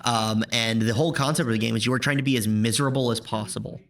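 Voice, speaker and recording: A man's voice: medium pitch, steady tone, fast talker, creaky. A man on a gaming podcast in casual chat, jokey and self-deprecating. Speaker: podcast guest.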